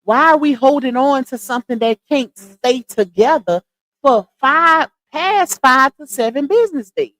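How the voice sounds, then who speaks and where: A woman's voice: high voice, measured pace, low-quality recording. Chatty middle-aged woman streamer. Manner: chatty, animated, addresses viewers as y'all and child. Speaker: live stream host. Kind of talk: casual chat commentary.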